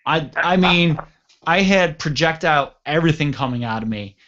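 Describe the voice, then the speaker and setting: A man's voice: fairly high pitch, moderate pace. A man in his thirties hosting a radio show, telling a crude story in casual chat and acting out the other voices. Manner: animated, acts out voices, crude humor. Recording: dull lo-fi radio show audio.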